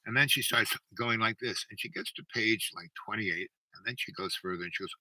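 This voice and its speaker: A man's voice: on the low side, expressive, fast talker, few pauses, pushed and bright, no echo, rough recording. A man in his seventies telling a long story in a meandering, casual way, full of "you know" fillers. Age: 70s. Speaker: channel host.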